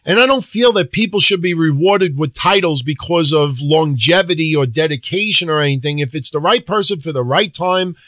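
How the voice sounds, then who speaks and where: Male podcast co-host with a higher voice and a dry, close sound; blunt, opinionated, swears, acts out quotes. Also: moderate pace, hardly any pauses, a bit bright, dry recording. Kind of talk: casual wrestling recap chat.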